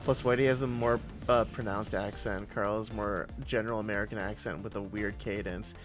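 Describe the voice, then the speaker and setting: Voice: mid-range voice, steady tone, moderate pace, faint music behind. A game streamer chatting casually while playing, rambling, laughing often and swearing. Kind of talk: casual gaming stream commentary.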